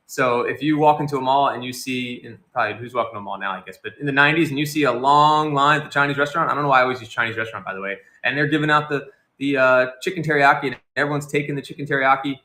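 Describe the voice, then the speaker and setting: A man's voice: a little high, bright, forceful tone. A man hosting a casual livestream, chatting loosely and reading out and answering viewer comments. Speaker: livestream host.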